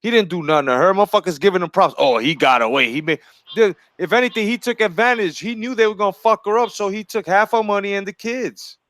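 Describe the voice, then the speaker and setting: A man's voice: high-pitched, fast talker, hardly any pauses, fairly bright tone, dry recording, clean studio sound. Heated, foul-mouthed man ranting. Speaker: podcast co-host. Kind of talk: crude ranting chat.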